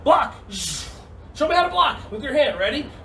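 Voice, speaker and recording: A man teaching a silly, energetic online yoga and karate class for kids, teasing them and calling out counts over a video call. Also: very high-pitched, moderate pace, recorded from a distance, a little hiss or hum, low-quality recording. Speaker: kids' yoga and karate instructor. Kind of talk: playful online kids' class.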